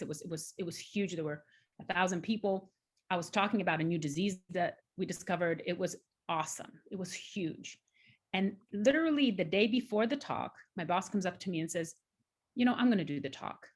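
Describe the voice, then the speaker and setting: A woman guest in her forties, telling her career story in a conversational interview, getting emphatic and rising when excited. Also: fairly low pitch. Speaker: guest scientist.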